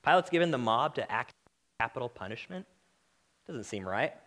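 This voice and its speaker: A man preaching a sermon, impassioned and direct, building to loud emphatic peaks and then dropping to quiet, earnest lines. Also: mid-range voice, expressive, fairly quick.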